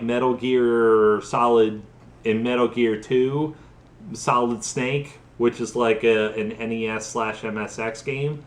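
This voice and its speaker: A tipsy man rambling through a profane, casual recap of a game's story, full of fillers. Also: medium pitch. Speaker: host. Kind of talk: drunk casual game recap. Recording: echoey room.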